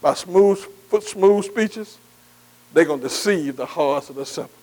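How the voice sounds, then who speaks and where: Male preacher, high voice, conversational call-and-response sermon, long hall reverb. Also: measured pace, mellow. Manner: call-and-response questioning, repeating words; informal vernacular grammar.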